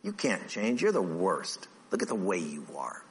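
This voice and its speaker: A preacher voicing an inner accusing voice that belittles the listener in a low, quiet, sneering way. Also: male voice, huge pitch swings, moderate pace. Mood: belittling.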